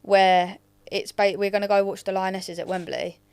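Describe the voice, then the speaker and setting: A woman's voice: mid-range voice, flat delivery, moderate pace, a little mellow, clean tone. A young woman from England co-hosting a podcast, telling rambling stories in a casual chat. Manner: chatty, rambling storyteller. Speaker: podcast co-host.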